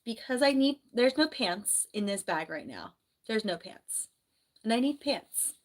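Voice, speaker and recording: Young woman from New Jersey, nurse and stream host, rambling and chatty, slightly hoarse with the flu. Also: a little high, lively intonation, measured pace. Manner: rambling, chatty, reads viewer comments aloud. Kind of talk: casual livestream chat. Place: bedroom at home.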